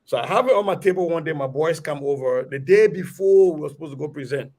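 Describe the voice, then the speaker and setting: A middle-aged man from Liberia with a Liberian accent, telling a story in a lively, animated way on a radio talk show. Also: fairly high pitch, quick pace. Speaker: radio guest. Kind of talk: storytelling in conversation.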